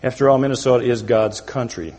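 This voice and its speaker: A man preaching a satirical sermon as a pastor, mock-pompous and deadpan self-important, speaking to a congregation in a church sanctuary. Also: medium pitch, a little fast. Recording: long hall reverb.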